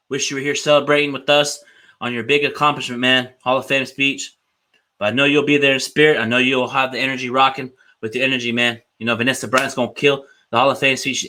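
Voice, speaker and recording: A man's voice: mid-range voice, pushed and bright, slight background noise. Earnest hyped young man hosting. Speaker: podcast host. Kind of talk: casual solo sports podcast.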